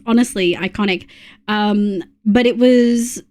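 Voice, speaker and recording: A woman's voice: a little high, expressive, normal speed, a little mellow. A young adult woman with an Australian accent, chatting casually to her live-stream audience, reading things aloud and laughing often. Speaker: livestreamer.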